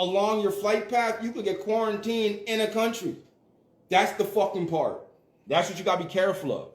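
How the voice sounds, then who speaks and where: A man's voice: sits high, echoey room. A man hosting a livestream, ranting in a casual, profane and emphatic way. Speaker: livestream host.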